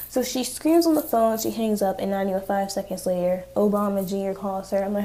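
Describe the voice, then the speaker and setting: Mellow-voiced woman, chatty and profane. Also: mid-range voice, steady tone, fairly quick, hardly any pauses. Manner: chatty, profane, sarcastic asides. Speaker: TV recap vlogger. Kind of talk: casual episode recap.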